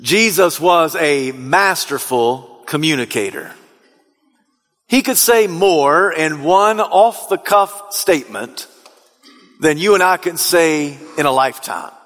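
An emphatic male pastor preaching in a church sanctuary, his voice a touch higher than most men's. He drives his key phrases home and at times rises to a shout, and a long reverb trails every line. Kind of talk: sermon.

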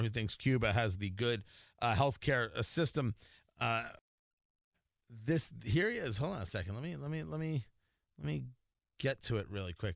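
A man's voice: mid-range voice, dry recording, studio quality. A man hosting a talk radio show, delivering sarcastic, mocking political commentary.

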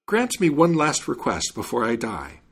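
A man voicing a calm young male servant in a fairy tale, plain-spoken and bold. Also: medium pitch, normal speed, slightly rough, exaggerated voice.

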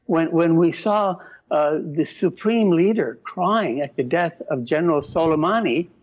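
An older Canadian man talking as a guest commentator, impassioned and halting, often repeating words. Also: a little high. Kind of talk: phone-in interview. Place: remote from Ottawa. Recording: muffled lo-fi line.

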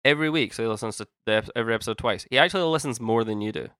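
A man's voice: mid-range voice, very fast, fairly bright tone, smooth, no room sound, clean studio sound. A young man co-hosting a casual podcast chat, rambling and cutting himself off mid-sentence, swearing casually now and then. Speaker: podcast co-host.

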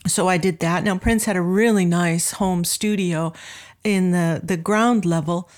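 A woman's voice: on the low side, steady tone, measured pace. A woman in her sixties, a music producer and professor, telling a story in an interview and acting out the voices of the people in it. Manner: vivid storyteller who acts out quoted voices.

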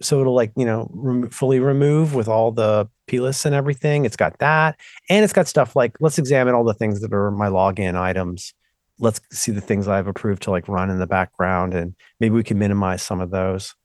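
A man's voice: on the low side, brisk, dry recording, clean studio sound. A man co-hosting a podcast, rambling through casual tech chat and interrupting himself often. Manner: rambling, animated, self-interrupting. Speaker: podcast co-host.

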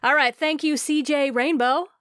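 A woman from Texas co-hosting a casual podcast, upbeat and brisk, recorded in a closet at home. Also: high voice, steady tone, fairly bright tone, no echo, clean studio sound. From Texas, USA. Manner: upbeat, brisk, reads listener reviews aloud. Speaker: podcast co-host. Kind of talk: casual chat.

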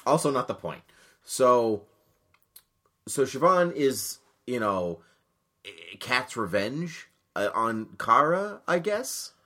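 A man co-hosting a casual podcast, chatty and wry, quick to correct with a fun fact. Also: medium pitch, sing-song, bright, forceful tone. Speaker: podcast co-host.

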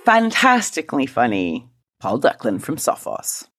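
A woman's voice: very deep voice, wildly swooping pitch, unhurried, slightly rough. A woman co-hosting a podcast, chatting casually and laughing often. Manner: giggly and warm-humoured. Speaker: podcast co-host. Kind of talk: casual chat.

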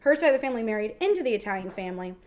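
A woman co-hosting a podcast in casual chat, chatty and quick to laugh. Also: a little high, big pitch swings, darkish tone. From American South. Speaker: podcast co-host.

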